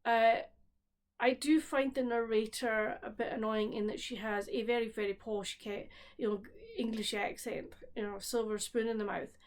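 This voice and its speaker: A woman's voice: on the high side, steady tone, moderate pace. A woman with a Scottish accent chatting casually about her week as a book vlogger, rambling and often breaking off to restart her sentences. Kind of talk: casual chat. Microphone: solo camera recording at home.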